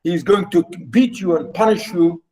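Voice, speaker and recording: Explaining a play line by line, a literature teacher speaks in a warm voice that sits high. He keeps circling back to rephrase points, pausing with fillers, on a low-quality recording.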